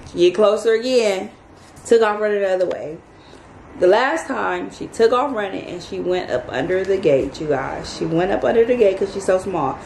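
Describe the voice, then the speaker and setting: A woman vlogger telling a story to her viewers in a casual, animated, chatty way. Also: mid-range voice, moderate pace, vocal fry. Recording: echoey room, faint background noise.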